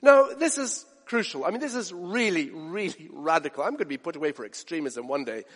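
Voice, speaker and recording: A man preaching a sermon in a church hall, animated and acting out the voices he quotes. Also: on the high side, a little fast. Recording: reverberant hall.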